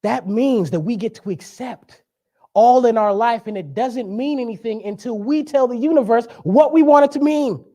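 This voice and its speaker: High-voiced man preaching with humor. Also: normal speed, mellow. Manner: conversational, joking, emphatic preaching. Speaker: guest speaker. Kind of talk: sermon.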